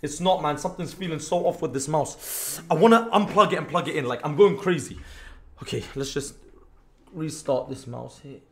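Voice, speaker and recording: A young British man streaming a game, commentating live with profane trash talk and sudden shouts. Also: on the high side, normal speed. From Britain. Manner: trash-talking, profane, erupts into shouts and sing-song bits. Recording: roomy with faint background hiss.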